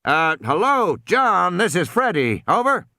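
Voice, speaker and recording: A man voicing a drawling, gruff boat captain talking over a ship radio. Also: sits high, sing-song, a little slow, sharp tone, no room sound, clean studio sound, voice pushed up, exaggerated voice.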